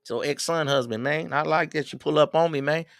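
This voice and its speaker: A middle-aged man, hosting a livestream and giving preachy, animated advice to his viewers. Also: fairly high pitch, a little fast, vocal fry, no echo, clean studio sound. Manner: preachy, animated, quotes others in raised voices. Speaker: livestream host. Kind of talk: casual advice talk to viewers.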